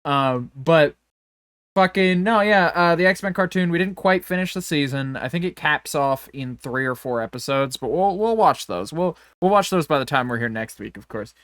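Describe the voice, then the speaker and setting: Podcast co-host, male, higher register, meandering and salty, with a dry close sound. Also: lively intonation, normal speed, fairly bright tone, no room sound. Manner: rambling, profane, self-interrupting. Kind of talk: casual chat.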